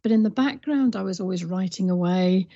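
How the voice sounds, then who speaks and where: Mellow English woman in her sixties. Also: mid-range voice, a little fast, highs cut off. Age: 60s. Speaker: interview guest, writer. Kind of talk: relaxed conversational interview.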